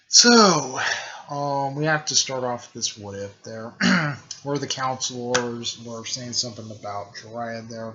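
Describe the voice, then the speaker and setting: A man casually recapping a story in a rambling way, with lots of fillers and frequent throat clearing. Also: medium pitch, pushed and bright. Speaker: video creator recapping a fan series. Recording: dull lo-fi recording.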